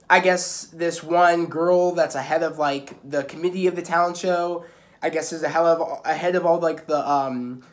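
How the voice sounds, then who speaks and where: A young man giving a casual spoken recap of a TV episode, rambling with many restarts and filler words. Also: a little high. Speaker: video reviewer.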